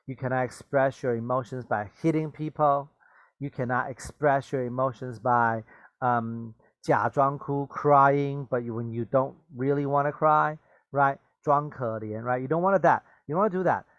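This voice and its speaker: A bilingual vocabulary lesson, recorded lo-fi with no echo: a man with a mid-range, fairly bright voice talks at normal speed. He repeats and explains English words, slips into glosses, and checks in with "okay?" and "right?".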